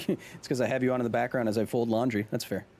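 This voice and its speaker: Speaking fast with a medium pitch and fairly even intonation, a male streamer runs a live game broadcast, joking and chatting playfully with his audience. The tone is darkish, and there's slight background noise.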